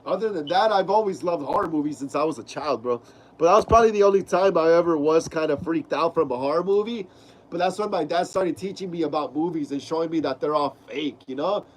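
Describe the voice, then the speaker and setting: A man's voice: on the high side, quick pace, rough recording. A young man hosting a casual live stream, reading out viewer comments in laid-back slang with lots of fillers.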